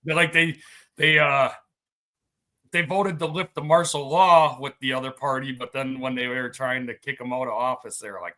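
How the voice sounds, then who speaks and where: Bright-voiced man chatting casually. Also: mid-range voice, fairly even intonation, moderate pace. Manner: easygoing, hesitant retelling of news. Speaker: podcast co-host. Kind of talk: casual chat. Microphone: video call.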